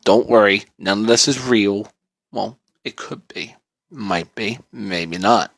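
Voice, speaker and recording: A man's voice: fairly low pitch, slow pace, creaky, fairly bright tone. A man telling a first-person creepypasta horror story in a casual, profane, dramatic way.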